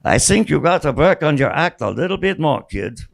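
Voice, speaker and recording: A man's voice: fairly high pitch, sing-song, normal speed, gravelly, voice pushed up, exaggerated voice. A man voicing an elderly male film director with a clipped Austrian accent and a wry, dry manner.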